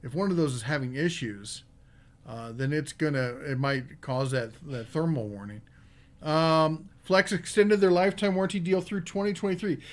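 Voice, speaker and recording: This fairly high-pitched man keeps a moderate pace as host of a live podcast on tools. Viewer comments get read aloud and answered in a loose, rambling style heavy with fillers.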